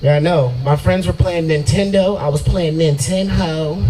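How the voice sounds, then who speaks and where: A man's voice: on the high side, measured pace, dark tone, slight background noise, low-quality recording. A man in his forties doing a profane, boastful stand-up set at an outdoor open mic, laughing at his own jokes. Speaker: stand-up comedian. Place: open mic at a brewery, out of doors.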